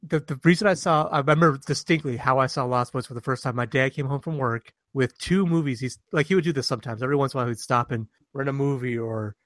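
A man's voice: medium pitch, fast, hardly any pauses, no room sound, studio quality. A man in his forties, co-hosting a casual chat and telling stories with lots of swearing and laughter. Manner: animated storyteller, swears freely, laughs often. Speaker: podcast co-host.

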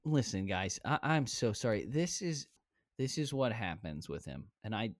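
A man's voice: medium pitch, very animated, normal speed, no room sound, clean studio sound. A man in his twenties hosting a podcast from home on a headset, chatting casually, brash and teasing, swearing freely. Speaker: podcast host. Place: home, recording virtually.

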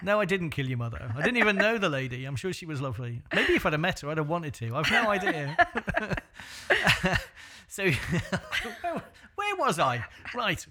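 A man interviewing a guest in a relaxed way, asking careful questions with a joking side. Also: on the high side, normal speed. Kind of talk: casual interview.

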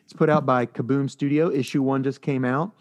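A man's voice: medium pitch, fairly even intonation, a little fast. A man co-hosting a podcast, chatting casually and rambling through stories with lots of fillers. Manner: rambling, filler-heavy storytelling. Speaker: podcast co-host reviewing comics. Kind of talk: casual chat.

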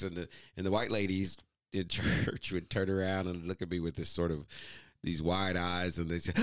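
A man with a deep voice, a musician guest, telling stories in a relaxed way and laughing often. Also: normal speed, clean tone, no room sound. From United States. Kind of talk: casual storytelling interview.

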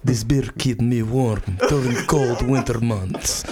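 A man putting on a mock Russian accent for a joke, speaking in a halting way. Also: mid-range voice, steady tone, very noisy, natural voice. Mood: boastful. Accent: put-on Russian. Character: man boasting about a cold homeland.

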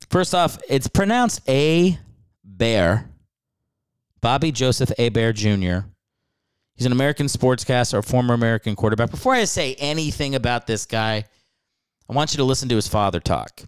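A young man riffs through a comedic solo podcast in an irreverent, rambling way, swearing freely. His voice swings up and down a lot and stays smooth and clear. The mic is close and the sound is dry. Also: medium pitch, no echo. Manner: irreverent, rambling, profane asides. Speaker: podcast host.

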